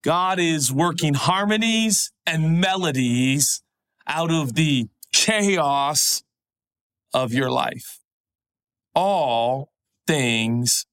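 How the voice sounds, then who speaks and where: A middle-aged man preaching a sermon, conversational, swinging between animated high stretches and hushed, low pleading. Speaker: pastor.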